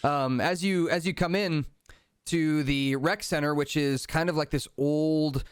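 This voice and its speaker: A man's voice: on the high side, fairly even intonation, a little slow, smooth, no room sound, studio quality. A man narrating a tabletop game as game master, in an easygoing, descriptive way.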